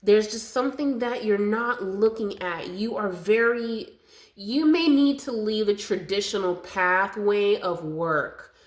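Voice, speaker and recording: A woman doing a collective tarot reading to camera, soothing and affectionate, a little winded. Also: mid-range voice. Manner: slow, soothing and affectionate, calls viewers loves and darling. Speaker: tarot reader.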